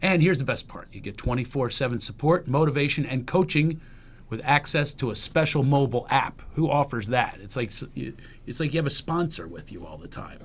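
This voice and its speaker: A man's voice: mid-range voice, lively intonation. A man hosting a comedy talk show, joking, telling stories and reading an ad in casual banter. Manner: joking, storytelling, quick asides.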